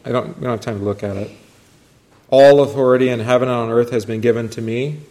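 A man teaching an informal Bible class in a classroom, rambling a little and putting questions to his students, and growing animated when he quotes scripture. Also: medium pitch, brisk, echoey room.

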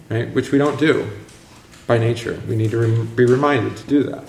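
A man's voice: medium pitch, steady tone, normal speed, gravelly, darkish tone. A man leading a casual Bible study, joking and quizzing his class as he reads passages aloud. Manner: chatty, joking, asks the class questions. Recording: echoey room, faint noise.

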